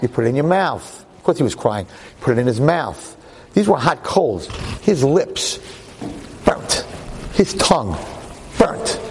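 A man teaching a class, telling a story in a lively, joking way and acting out the quotes. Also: mid-range voice, a little slow, long pauses, in a large hall, a little hiss or hum. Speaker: religious teacher.

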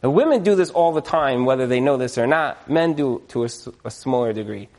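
A man giving a humorous religious lecture in front of an audience. He is animated, jokes, checks in with the listeners, and uses Jewish religious terms. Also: mid-range voice, a little fast. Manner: animated, joking, asks the audience questions. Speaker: speaker giving a talk to an audience.

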